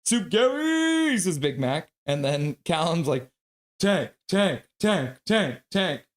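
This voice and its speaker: A fan-run hockey stream host, a man with a fairly high voice who takes his time between lines. He calls the play-by-play live and reads chat messages aloud, and he breaks into excited chants and yells. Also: slow.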